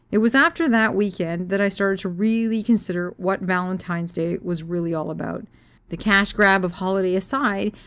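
A woman author reading her own story aloud, frank and expressive, swearing freely. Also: lowish voice, no room sound. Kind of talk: storytelling reading of memoir and novel.

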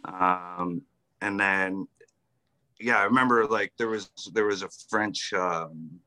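An army veteran tells stories as a podcast guest in a casual interview, rambling with fillers, restarts and frequent laughs. His voice sits low and moves slowly, sounding pushed and bright.

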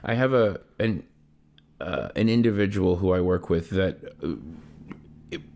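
A man's voice: sits low, a little slow, darkish tone, a little hiss or hum. A man co-hosting a podcast, telling a work story in casual chat with many fillers and quoted lines. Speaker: podcast co-host; works in mental health care. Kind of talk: casual conversation.

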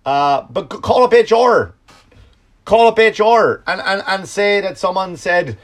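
A man's voice: sits high, expressive, a little slow. Sarcastic Irish man doing a comedic monologue. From Ireland. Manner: sarcastic, profane, rambling. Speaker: podcast host.

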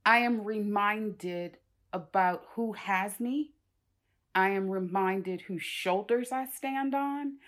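A woman in her fifties telling personal stories in a conversation, emotional and animated, acting out her relatives' voices. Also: mid-range voice, slow pace. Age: 50s. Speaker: guest.

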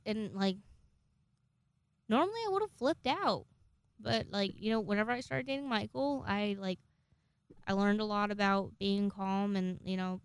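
A young woman in her twenties talks straight to the camera in a casual storytime vlog, swearing freely and often starting her sentences over. Her voice is smooth and clear at a middle pitch. The sound is dry and close, with no room echo. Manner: chatty, swears a lot, restarts often.

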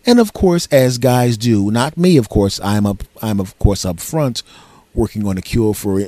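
A man's voice: normal speed, dry recording. Sarcastic man telling a comic story. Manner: animated, sarcastic, jumps into loud high-pitched impressions of friends. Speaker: podcast host.

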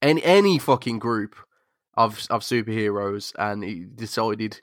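A man's voice: lowish voice, animated, a little slow, no room sound. A man co-hosting a comic book podcast, swearing and laughing as he chats. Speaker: podcast co-host. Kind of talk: casual comic book chat.

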